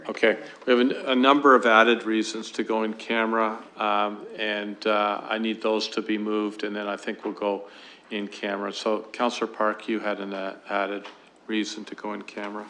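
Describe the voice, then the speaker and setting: A man's voice: lowish voice, level tone, moderate pace, pushed and bright, a little hiss or hum. A man chairing a council committee meeting, speaking hesitantly with fillers into a desk microphone in a council chamber.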